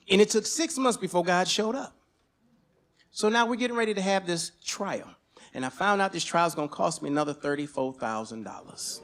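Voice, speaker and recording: A man telling a personal story on stage at a live storytelling event, animated and profane, at times breaking into shouts. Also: high-pitched, normal speed.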